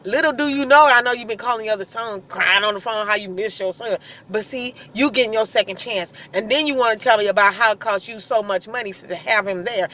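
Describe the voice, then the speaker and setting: A woman in her thirties vents in a blunt, sassy storytelling voice, laughing as she goes. Her tone is bright and forward. A faint vehicle hum sits under her voice in the car. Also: mid-range voice. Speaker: vlogger. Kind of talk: venting storytime monologue.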